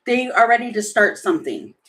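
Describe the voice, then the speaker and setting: A woman's voice: mid-range voice, very animated, brisk, a bit bright, low-quality recording. A woman giving a casual tarot reading, chatty and giggly, thinking aloud as she turns the cards. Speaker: tarot reader.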